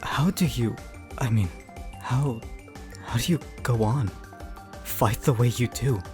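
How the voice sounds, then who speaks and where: A man voicing a young soldier whose worldview has just shattered, keeping his anger tightly held in. The delivery is cold and restrained, with a bitter edge, in animated drama dialogue. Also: medium pitch, slow, music in the background, close to an everyday voice. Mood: questioning. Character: shaken young male soldier, disillusioned.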